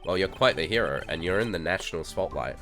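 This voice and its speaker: Streamer doing a skeptical young defense lawyer, low dry voice, soft game music under it. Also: male voice, animated, fast. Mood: wry. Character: young male defense lawyer, wry and doubtful.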